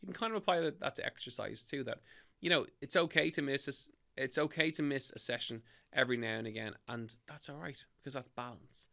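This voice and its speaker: Upbeat Irish man with gravelly voice. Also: medium pitch, fast, sharp tone. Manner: upbeat, direct, motivational coaching. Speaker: podcast host and fitness trainer. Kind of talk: health tips podcast.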